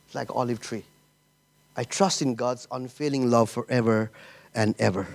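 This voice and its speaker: A man's voice: medium pitch, steady tone, moderate pace, gravelly. A man preaching a sermon as pastor, telling a personal story with emotion, laughter and many repetitions.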